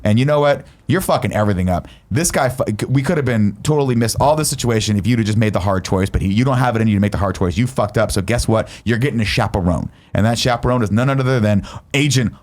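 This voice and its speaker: A man with a somewhat low voice hosts a podcast, retelling a movie plot in a loose, rambling way. He fills gaps with "uh" and "like" and swears freely as he goes. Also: quick pace, few pauses, a little mellow. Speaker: podcast host. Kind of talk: casual movie recap.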